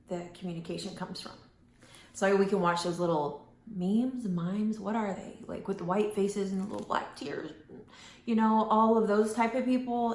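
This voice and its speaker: A woman talking casually to camera in a vlog, rambling a little and losing her thread now and then. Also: mid-range voice. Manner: rambling, loses her thread, acts out quoted voices. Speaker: vlogger. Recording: roomy echo.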